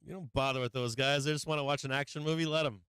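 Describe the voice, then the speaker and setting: A man's voice: mid-range voice, fairly even intonation, quick pace, a bit bright, clean tone, dry recording. A man hosting a live stream, ranting casually with lots of swearing and frequent laughs. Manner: profane, laughing often, rambling.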